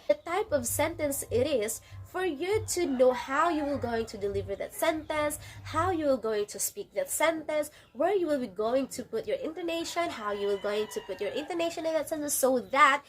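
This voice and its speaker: A woman's voice: high-pitched, expressive, normal speed, hardly any pauses, slight background noise. A woman teaching a grammar lesson to a class, repeating and restarting phrases as she explains.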